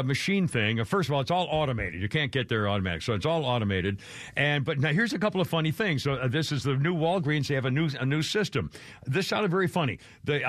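A man's voice: fairly bright tone, no echo. A male radio host telling stories in casual banter, rambling and chuckling as he goes. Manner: rambling, chuckling, wide swings of pitch.

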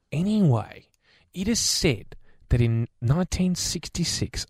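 A man's voice: medium pitch, no room sound, studio quality. A man with an Australian accent co-hosting a radio show, telling stories and teasing his co-host in casual banter. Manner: storytelling, teasing, stumbles over names.

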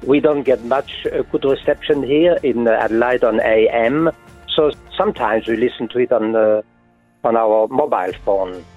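A man's voice: mid-range voice, soft background music. Older French-accented man on a phone line. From France. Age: 70s. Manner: jokey, halting with many fillers. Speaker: caller. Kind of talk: casual phone chat.

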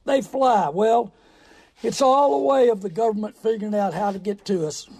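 A middle-aged man, hosting a radio talk show in a folksy, preachy way with sudden loud bursts. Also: high-pitched, normal speed, breathy edge. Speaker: radio show host on car buying.

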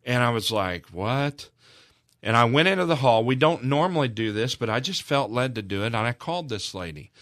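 A man's voice: medium pitch, expressive, fairly quick, a bit bright, no echo, clean studio sound. A man speaking as a guest on a charity radio broadcast, telling a heartfelt story in an earnest, emotional way with frequent restarts.

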